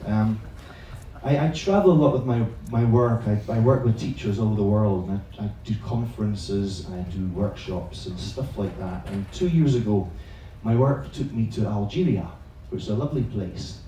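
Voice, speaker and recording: Performing live for an evening crowd, a male teacher trainer tells a funny story in a chatty, self-mocking way and swears freely. His voice is on the low side, dark in tone and at normal speed. The big hall echoes heavily, he is far from the mic, and there's slight background noise.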